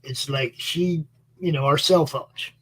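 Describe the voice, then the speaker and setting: A man's voice: on the high side, steady tone, takes it slowly, fairly bright tone, a little hiss or hum. A man co-hosting a casual online chat show, talking in a laid-back, rambling way. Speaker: co-host.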